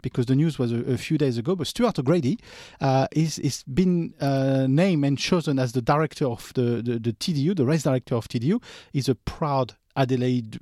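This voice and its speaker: A man's voice: medium pitch, fairly quick, dark tone, dry recording, clean studio sound. A man hosting a podcast, chatting in a chatty, teasing way with frequent restarts. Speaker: podcast host. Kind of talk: casual chat.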